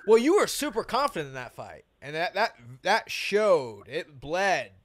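A man's voice: high-pitched, unhurried. A man co-hosting a podcast, joking around and chatting casually with a guest. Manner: lively, joking, talks in bursts. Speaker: podcast co-host. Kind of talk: casual studio chat.

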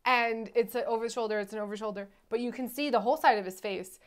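A woman's voice: fairly high pitch, quick pace, clear, resonant tone. A woman co-hosting a film review podcast, blunt and sarcastic, swearing freely in casual chat.

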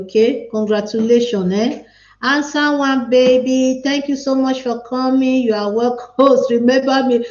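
Calling out viewers by name between laughs, a livestream host with a Nigerian Pidgin English accent keeps up a casual live chat. She has a fairly high, darkish voice, recorded in an echoey room with dull, lo-fi sound.

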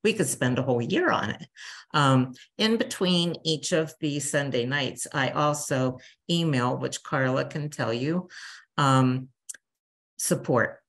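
With a bass voice and an unhurried manner, an older woman who works as a bereavement counselor speaks to a church grief group. She's a warm, chatty teacher who acts out little quotes.

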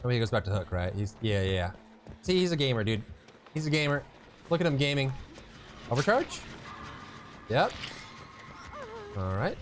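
A man commentating his own gameplay, excitable and teasing, swinging from quiet mutters to sudden shouts. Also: fairly high pitch, normal speed, pauses often, faint music behind. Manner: banters with the opponent, teasing.

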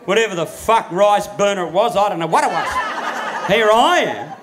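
An Australian man doing live stand-up comedy in a crude, profane style, shouting his punchlines. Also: high voice, animated, normal speed. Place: comedy venue with audience. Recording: echoey live venue with crowd noise.

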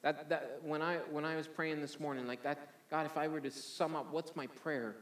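A man's voice: fairly high pitch, fairly even intonation, normal speed, a bit bright, echoey room. A man preaching a sermon energetically, often repeating words as he restarts. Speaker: pastor.

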